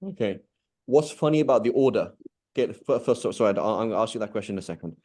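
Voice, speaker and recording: A man's voice: on the low side, animated, fast, warm tone. A man teaching an Arabic language class, patiently asking questions and repeating key points. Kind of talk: live online class teaching.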